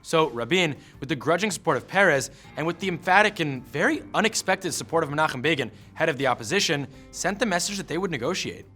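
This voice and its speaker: A man narrates a scripted history explainer rapidly, in a bright, forceful, slightly high voice with lively intonation. He tells it punchily, slipping in wry asides, over soft background music.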